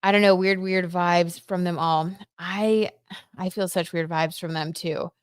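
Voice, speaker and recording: A woman's voice: on the low side, fairly even intonation, unhurried, clear, resonant tone, dry recording, studio quality. A woman hosting a casual tarot livestream, chatting loosely and reading viewer comments aloud. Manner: chatty, reads viewer comments aloud, frequent "like" and "I don't know". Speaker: tarot reader and livestream host.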